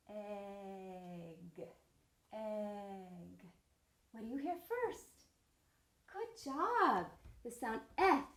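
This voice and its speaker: A woman teaching young children, slow and sing-song, encouraging them as she spells words letter by letter. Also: sits high. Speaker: preschool teacher. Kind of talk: early-literacy lesson for young children. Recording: roomy echo.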